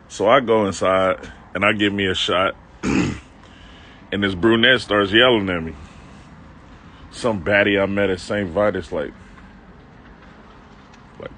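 Slangy low-voiced man spinning a street story. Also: a bit bright, a little hiss or hum. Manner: loose, slangy, self-mocking, with asides to viewers. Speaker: comedic vlogger telling a story. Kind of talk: casual storytelling to a live-stream audience. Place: outdoors on a city street.

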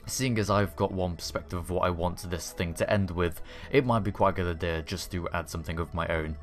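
A man hosting a gaming channel, giving casual, rambling gameplay commentary with frequent self-corrections and dry asides. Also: low-pitched.

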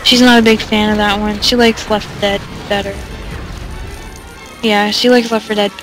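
A woman's voice: medium pitch, level tone, moderate pace, over music. A woman casually commenting over gameplay, rambling and self-deprecating, with lots of fillers and giggles. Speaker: let's play commentator.

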